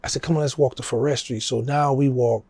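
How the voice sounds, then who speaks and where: A man's voice: mid-range voice, fairly even intonation, quick pace, a little mellow, no echo. A middle-aged man with a New Orleans accent tells a story in a casual interview, acting out the people he quotes in a raised voice. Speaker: interview guest.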